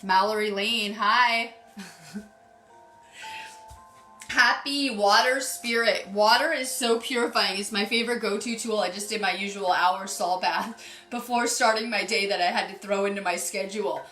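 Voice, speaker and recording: A woman's voice: medium pitch, a little slow, sharp tone, reverberant, soft background music. A woman doing a casual card reading on a live stream as a spiritual healer, chatty and upbeat, greeting viewers by name.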